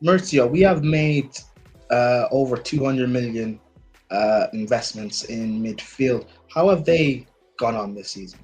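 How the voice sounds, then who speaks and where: A man's voice: medium pitch, a little slow, a little mellow, soft background music, natural voice, rough recording. A man improvising as a skeptical male club owner who grills his manager with probing questions in a comedic role-play. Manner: probing, reading off the record.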